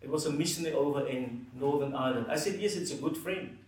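A man preaching a sermon, earnest and emphatic, letting his phrases fall soft at the ends. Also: a little high, fast. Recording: echoey hall, mic at a distance.

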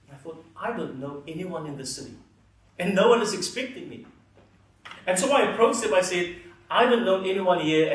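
High-voiced, slow-preaching man in an echoey hall. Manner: earnest, emphatic preaching with falling, soft phrase endings. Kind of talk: sermon. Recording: echoey hall, mic at a distance.

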